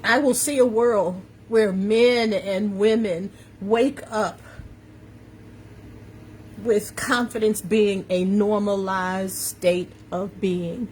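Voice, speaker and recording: Slow, emphatic woman preaching confidence live. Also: on the high side, a little hiss or hum. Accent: New York, slight. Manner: preachy and emphatic, repeating phrases, greeting viewers by name. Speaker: confidence coach hosting a live stream. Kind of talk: live-stream motivational talk. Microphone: phone or webcam on a social media live video.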